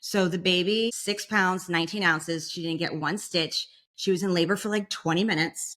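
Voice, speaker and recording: A woman's voice: on the low side, moderate pace. A young woman chatting casually as a podcast guest, telling a long story and acting out the voices of the people in it. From Florida. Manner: animated, acts out quoted voices.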